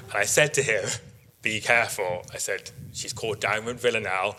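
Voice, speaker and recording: A man with a bright, forceful tone and a fairly low voice tells stories from the show ring to a live workshop crowd. He is chatty and animated, acting out quotes and laughing as he goes. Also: fast talker. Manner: chatty storyteller, acts out quotes, laughs often. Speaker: sheep breeder giving a workshop talk. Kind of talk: informal presentation to an audience. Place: live workshop in front of an audience.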